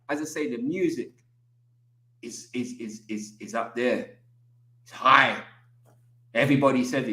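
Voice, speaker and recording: Animated man with street slang. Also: medium pitch, roomy sound. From England. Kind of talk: casual chat.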